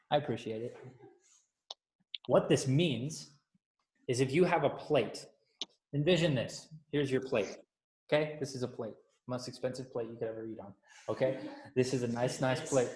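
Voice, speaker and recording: A man's voice: mid-range voice, darkish tone, a little hiss or hum. A man giving a casual, playful sermon that keeps asking the audience questions. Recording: echoey room.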